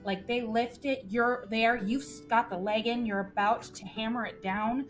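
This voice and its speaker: A woman narrating a tabletop game as game master, describing the action in a lively way. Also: fairly high pitch, moderate pace, music in the background.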